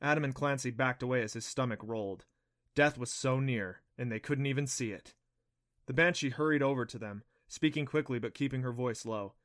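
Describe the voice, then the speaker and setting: A man reading an audiobook aloud with a steady storytelling delivery. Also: mid-range voice, brisk. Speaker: audiobook narrator. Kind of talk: scripted audiobook narration.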